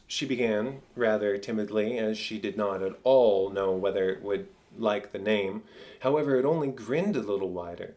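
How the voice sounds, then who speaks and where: A man's voice: fairly low pitch, normal speed, darkish tone. Man reading a classic story aloud. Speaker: audiobook narrator. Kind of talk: scripted narration.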